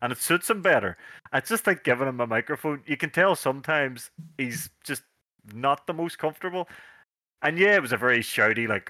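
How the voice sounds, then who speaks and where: A man co-hosting a podcast, retelling wrestling shows in sweary, animated casual chat. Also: mid-range voice, fairly quick, dry recording. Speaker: podcast co-host.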